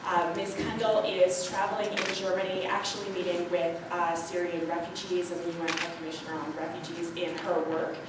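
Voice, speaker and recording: Female stand-in at a forum, halting delivery; distant, hissy hall recording with lots of echo. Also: lowish voice, flat delivery. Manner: halting, with fillers and repeats. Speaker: stand-in for an absent candidate. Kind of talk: public statement. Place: large hall, recorded from far. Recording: echoey hall from far off, noisy.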